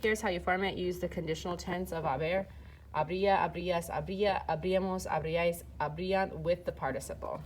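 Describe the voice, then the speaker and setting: A woman teaches Spanish grammar step by step in a recorded lesson, speaking casually with fillers as she films and types. Her voice is fairly low and fairly even in intonation, and she talks a little fast.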